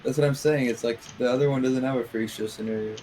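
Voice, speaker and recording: A man's voice: medium pitch, fairly even intonation, fast talker. A man in casual chat over a card game, arguing in a crude, joking way. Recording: noisy background.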